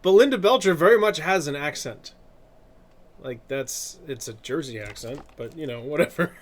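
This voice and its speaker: A male streamer and artist chats casually on a live stream, rambling, correcting himself, and laughing often. His voice is on the high side, expressive, and moderately paced.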